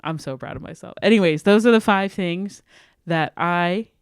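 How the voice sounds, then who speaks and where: Brief: young female podcast host, heartfelt, low-ish smooth voice, close dry mic. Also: normal speed, no echo. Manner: heartfelt and earnest, laughing often. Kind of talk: encouraging self-worth talk.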